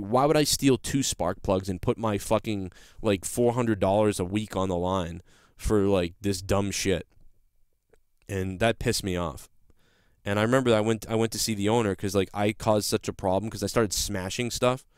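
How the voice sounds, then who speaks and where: A man's voice: lowish voice, steady tone, moderate pace, a little mellow, clear, resonant tone, no room sound, clean studio sound. Profane rambling New man. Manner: rambling, profane, restarts sentences. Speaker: podcast host. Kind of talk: casual storytelling monologue.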